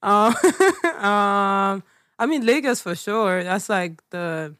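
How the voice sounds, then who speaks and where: A woman's voice: medium pitch, lively intonation, slow, fairly bright tone, clean tone, no echo. Nigerian woman chatting as a guest. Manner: laughs often, speaks readily. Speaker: podcast guest. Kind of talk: casual chat.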